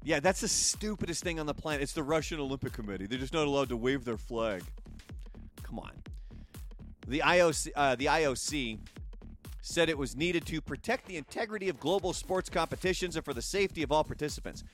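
A man's voice: fairly high pitch, brisk, fairly bright tone, faint music behind. A man hosting a casual news commentary show, chatty and opinionated. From United States. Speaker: host.

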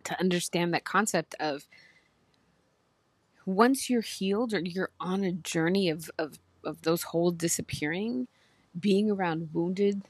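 A woman's voice: fairly low pitch, husky, no room sound. A woman hosting a podcast, talking in an earnest, emotional, rambling way with frequent restarts. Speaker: podcast host. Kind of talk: heartfelt casual talk.

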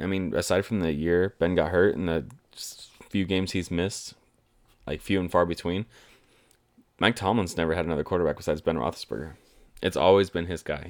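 Speaking as a sports commentator in a casual monologue, a deep-voiced man in his twenties gushes about football with a chatty fan's enthusiasm, rambling as he goes. The recording is dry.

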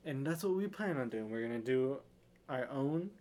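A man's voice: mid-range voice, lively intonation, normal speed, a little mellow. Young guy cohosting a podcast, rambly, keeps restarting, laughs a lot. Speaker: podcast co-host. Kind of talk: casual chat.

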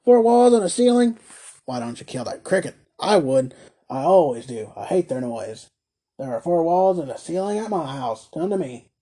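Sneery sarcastic toy merchant guy as a man reads him, husky and mellow, barks out his scorn. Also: medium pitch, animated, moderate pace. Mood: scornful. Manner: brusque, scornful, loud outbursts.

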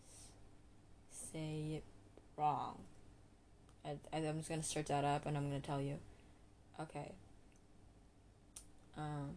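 A woman's voice: low voice, dark tone, slight background noise. A woman hosting a casual solo podcast, giving English tips in a rambling, giggly way and stopping herself often. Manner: rambling, giggly, self-interrupting; playful, drawn-out name demonstrations.

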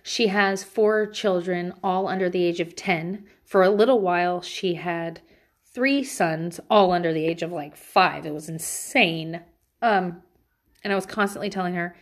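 A woman's voice: fairly low pitch, unhurried. Frank mother swearing through parenting advice. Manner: candid and frank, swears freely. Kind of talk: casual personal storytelling.

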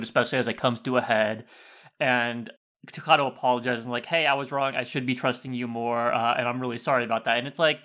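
A man on a podcast talking eagerly and cracking jokes, his voice bright and forward. He gushes quickly when he likes something. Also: mid-range voice. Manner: enthusiastic, jokey. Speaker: podcast co-host. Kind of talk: casual chat.

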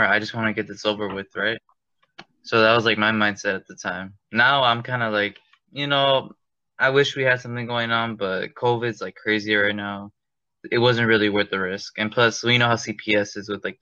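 Low bright-voiced young guy, lo-fi. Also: smooth, no echo. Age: young adult. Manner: laid-back, slangy. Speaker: podcast guest. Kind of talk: casual podcast chat.

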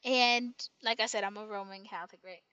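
A woman's voice: mid-range voice, fairly even intonation, fairly quick, bright, forceful tone, smooth, dry recording, dull audio. A woman in casual chat, telling a long rambling story full of restarts and tag questions.

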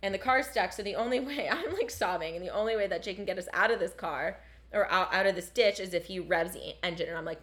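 A young woman from Canada telling a story in casual chat, animated and full of swearing and "like" fillers. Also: medium pitch, fast. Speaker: storyteller guest.

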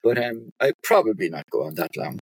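A man with an Irish accent, a doctor talking as a guest in a casual chat, wry and teasing, with halting restarts. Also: on the low side, sing-song, a little mellow, breathy edge. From Ireland.

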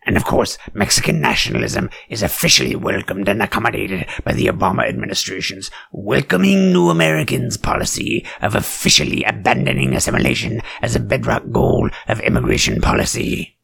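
A man reading a political text in a sarcastic deadpan, breaking into mock-outraged asides. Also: brisk, gravelly, hardly any pauses, breathy edge, no echo. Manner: deadpan reading broken by shrill outbursts. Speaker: satirical commentator.

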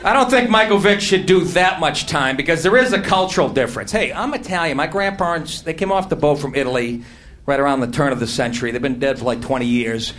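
A man whose voice sits on the high side with a bit of brightness performs brash, profane, mocking stand-up in a comedy club. It's a noisy live recording with the audience laughing in the background.

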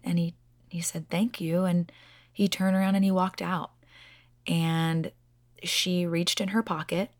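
Earnest low-voiced woman telling a story. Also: no room sound. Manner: earnest, repeats "like I said". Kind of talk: casual heartfelt storytelling.

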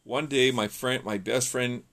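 A man's voice: medium pitch, fairly even intonation, measured pace, fairly bright tone. A young man from California giving an earnest, rambling personal testimony, full of restarts and fillers.

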